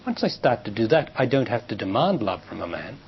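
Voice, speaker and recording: A man giving a public spiritual talk and answering audience questions, measured and emphatic, in a dull lo-fi recording with faint hiss. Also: medium pitch, very animated. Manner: measured, emphatic, rises sharply when quoting others. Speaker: spiritual teacher. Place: lecture hall with audience.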